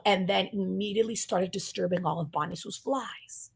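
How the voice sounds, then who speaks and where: A woman rambling through a conspiratorial stream commentary, her talk swinging between hushed asides and loud outbursts. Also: mid-range voice, normal speed, few pauses, slight background noise, poor audio. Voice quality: gravelly, raspy.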